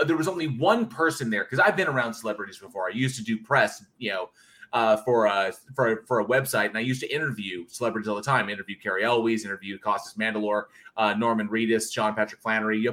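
A man's voice: lowish voice, fairly bright tone. A man co-hosting a podcast in casual chat, telling rambling stories and laughing often. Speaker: podcast co-host.

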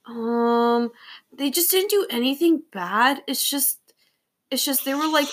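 A young woman co-hosting a casual movie review chat, expressive and giggly as she retells scenes. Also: sits high, measured pace. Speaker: co-host.

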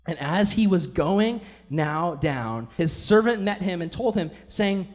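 In a church, a male pastor delivers a casual sermon in a loose, conversational way, his voice sitting a bit higher than most men's. He is animated and unhurried, keeping the tone friendly and informal, full of enthusiasm and everyday fillers like "like."

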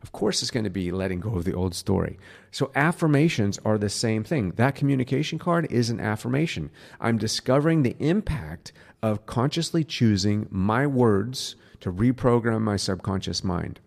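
A man hosting a spiritual podcast, teaching in a casual, earnest way and dropping to a soft, slow voice to demonstrate. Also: lowish voice, expressive, gravelly.

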